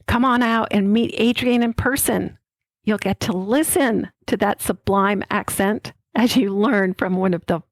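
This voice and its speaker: A woman hosting a podcast, reading a warm, enthusiastic introduction and then interviewing her guest. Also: medium pitch, no echo, poor audio. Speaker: podcast host.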